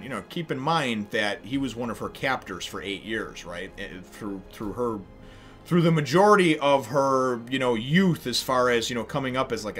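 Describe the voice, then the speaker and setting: A man hosting a casual comic review, talking in an excitable, rambling way and swearing freely. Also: on the low side. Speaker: comic reviewer and channel host.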